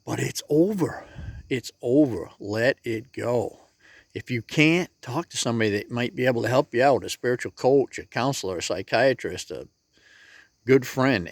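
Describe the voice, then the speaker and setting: A man's voice: mid-range voice, dry recording, clean studio sound. A man talking straight to the camera in a casual motivational vlog, with plain-spoken, folksy advice. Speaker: motivational vlogger.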